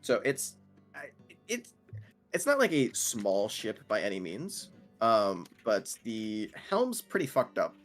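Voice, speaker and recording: A man's voice: on the low side, wildly swooping pitch, takes it slowly. Chill guy gm narrating a tabletop game, bouncy up and down voice, lil bit of music behind. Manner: laid-back, rambling with fillers and laughs. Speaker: game master.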